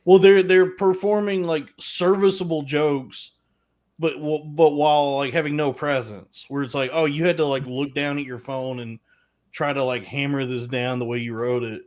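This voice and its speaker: A man's voice: on the high side, steady tone, normal speed, a little mellow. A man co-hosting a podcast, explaining at length in casual chat. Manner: long-winded, explaining. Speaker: podcast co-host.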